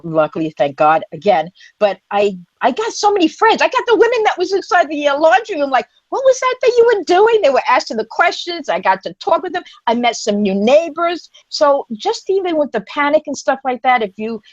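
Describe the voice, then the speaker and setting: A woman co-hosting a live online community stream, telling a story in a rambling, animated way with lots of fillers and restarts. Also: a little fast, hardly any pauses, dry recording, muffled recording. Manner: animated, acts out quoted voices in a higher pitch. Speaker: co-host of an online women's livestream community. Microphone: phone or webcam on a live stream.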